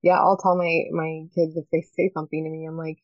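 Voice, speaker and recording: Her voice is deep and level, with no room sound, and the recording is dull, dry and a bit lo-fi. As a podcast guest in a casual chat, she speaks earnestly about parenting, talking in quick bursts peppered with "right?" checks.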